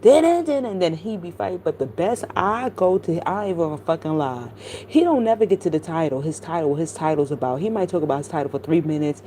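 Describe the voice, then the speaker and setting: A woman's voice: low voice, fast, slight background noise. A woman in casual live-stream commentary, telling rambling stories to her chat with heavy profanity. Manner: profane, animated, rambling storytelling.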